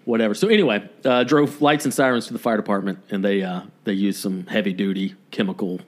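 A man's voice: on the low side, fast talker. A man co-hosting a podcast, telling stories in casual chat with many fillers. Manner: rambling storyteller, many fillers. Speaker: podcast co-host.

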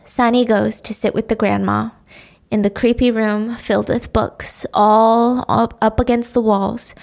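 A woman's voice: a little high, level tone, measured pace, gravelly, darkish tone. Chatty woman recapping a drama. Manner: chatty, casual swearing. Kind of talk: casual story recap.

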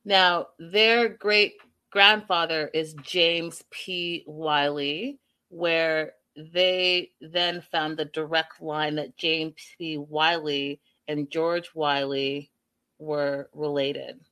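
Bright-voiced chatty woman. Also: deep voice, steady tone, extremely slow, smooth. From Canada. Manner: chatty, often addresses viewers directly. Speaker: show recap host. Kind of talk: casual recap chat to viewers.

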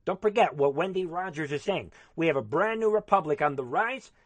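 A man's voice: on the high side, lively intonation, fairly quick, no room sound. A man delivering a fervent, rambling monologue as a commentator, repeatedly calling out to his audience. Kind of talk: ranting political monologue.

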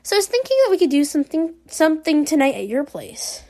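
A woman puts on a story-game teen girl who is all sweetness on the surface and pushy underneath. Her voice sits high and bubbly, with a lively, bouncing lilt. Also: quick pace. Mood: sugary.

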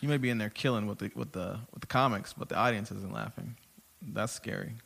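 A man's voice: on the low side, brisk, gravelly, fairly bright tone. A man, a stand-up comic, talking frankly in a rambling, self-deprecating way. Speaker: stand-up comedian guest. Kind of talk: casual chat.

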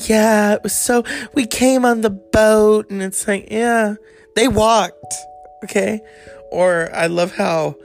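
Speaking in a creaky voice that sits high, a man rambles through a frank personal story in a casual way, cursing freely and adding lively side comments.

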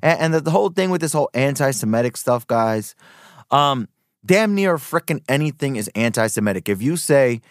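A man's voice: medium pitch, lively intonation, brisk, dry recording, studio quality. A man hosting a podcast, giving casual, rambling commentary full of fillers. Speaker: podcast host.

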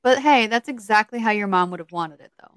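A woman's voice: fairly high pitch, animated, a little fast, a bit bright, dry recording. A woman in casual chat who listens, laughs along and chimes in with supportive remarks.

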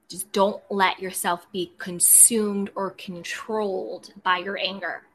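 Woman, self-help speaker, earnest and direct, bright forward tone. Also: mid-range voice. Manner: earnest, direct, repetitive coaching phrases. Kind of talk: motivational self-help talk.

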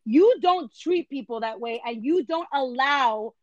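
High-voiced woman telling a story. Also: measured pace, no echo, highs cut off. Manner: animated, switches between English and Spanish. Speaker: entertainment journalist guest. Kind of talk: casual storytelling chat.

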